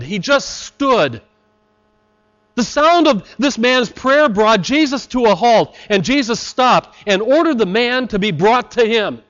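A man preaching a sermon with passion, acting out loud cries and dropping to quiet, earnest tones. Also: high-pitched, highs cut off. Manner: impassioned, dramatic, acts out cries. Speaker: pastor.

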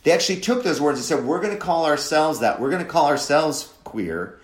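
A man's voice: on the high side, expressive, brisk. Sardonic man in a roomy echo. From Wisconsin, USA. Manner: sardonic, mocking, mimics voices for emphasis. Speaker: commentator. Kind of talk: opinionated monologue.

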